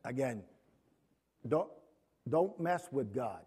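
A man preaching a sermon to his congregation, pausing often, restarting phrases and clearing his throat. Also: medium pitch, animated, darkish tone. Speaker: pastor.

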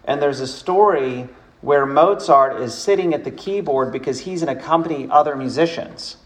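A man's voice: fairly high pitch, moderate pace. A man pastor preaching a sermon, telling stories animatedly and acting out the quotes. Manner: animated storytelling with voiced quotes. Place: church sanctuary.

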